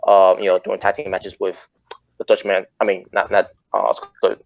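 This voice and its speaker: A man's voice: low voice, monotone, fairly quick, gravelly. A man hosting a casual wrestling chat podcast, rambling and often correcting himself mid-sentence. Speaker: podcast host. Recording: muffled lo-fi audio.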